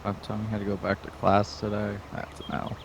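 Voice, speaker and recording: A man's voice: fairly low pitch, completely flat delivery, a little fast, vocal fry, noisy background. A man playing along with a friend, telling rambling stories and laughing often in casual chat. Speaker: co-player. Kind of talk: casual chat while gaming.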